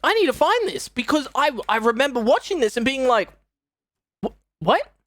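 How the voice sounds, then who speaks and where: A woman's voice: sits high, a little fast, dry recording. A young woman streaming, giving casual, profane and exasperated reaction commentary on a show. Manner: exasperated, profane, animated retelling.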